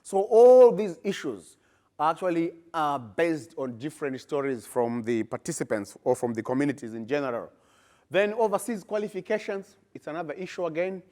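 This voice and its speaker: A middle-aged man with a Zimbabwean accent presents his research at a conference. He speaks with a somewhat high voice and grows emphatic, his pitch jumping up when he presses a point. The delivery stays that of a live talk to a room. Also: moderate pace. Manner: animated, emphatic, rising to bursts when making points.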